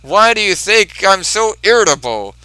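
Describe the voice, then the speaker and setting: A man voicing an irritable, brutish supervillain in a rhino costume, complaining loudly. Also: high-pitched, very animated, moderate pace, clear, resonant tone, no room sound, voice pushed up, heavily acted, rough recording. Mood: angry yelling. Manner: loud, whiny complaining.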